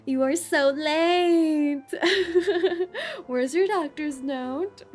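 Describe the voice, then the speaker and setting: A woman's voice: high voice, extremely slow. A woman streaming a game playthrough. She chats playfully with her viewers, giggles often, and reads the story text aloud.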